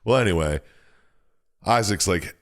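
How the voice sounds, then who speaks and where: A man's voice: deep voice, unhurried. A man co-hosting a podcast, retelling a game's plot in profane, joking casual chat. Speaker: podcast co-host.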